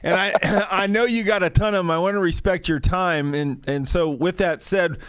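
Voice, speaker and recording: A man hosting a podcast with an easygoing, enthusiastic manner. He speaks in a fairly high voice with a few fillers and restarts, and the recording is dry and close. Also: normal speed, a bit bright, clear, resonant tone, no echo. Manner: casual and enthusiastic, with frequent fillers. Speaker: podcast host. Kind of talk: interview podcast.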